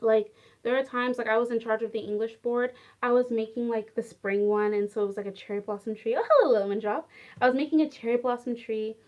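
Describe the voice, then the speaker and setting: Young woman, chatty storyteller, fairly high voice, lots of "like". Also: fast, lo-fi sound. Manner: chatty, heavy use of "like", animated and affectionate. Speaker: former English teacher in Japan. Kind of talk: casual storytelling vlog.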